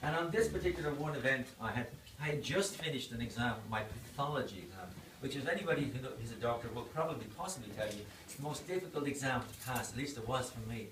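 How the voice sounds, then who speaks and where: A fast, animated Irish man in his fifties, a doctor, gives a birthday speech packed with anecdotes, laughing through his own punchlines. His medium-pitched voice has a fairly bright tone and few pauses. The recording, made in an indoor party venue, sounds echoey, distant and noisy.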